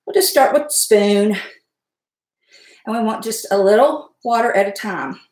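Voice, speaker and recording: A woman's voice: mid-range voice, moderate pace, a little mellow, echoey room, poor audio. A woman hosting a live cooking stream, chatty and folksy, greeting viewers and laughing often. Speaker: cooking livestream host. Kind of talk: casual live cooking demo. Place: home kitchen.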